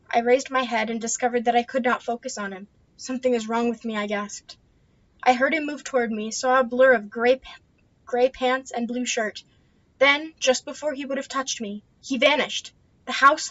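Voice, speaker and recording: Woman reading a book out loud, kinda high voice, muffled dry audio. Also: no room sound. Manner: steady first-person narration. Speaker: book reader. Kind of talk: reading a novel aloud.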